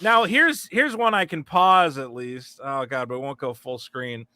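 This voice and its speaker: A man hosting a casual comedic podcast, loud, mocking and swearing a lot. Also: mid-range voice, measured pace, no room sound. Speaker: podcast host.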